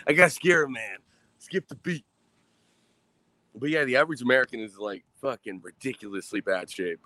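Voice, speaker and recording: A man's voice: mid-range voice, moderate pace, long pauses, bright, forceful tone, no echo. A man in his thirties talking to himself in a loose, rambling monologue, swearing often and sighing while he drinks beer. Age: 30s. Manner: rambling, swears a lot, sighs.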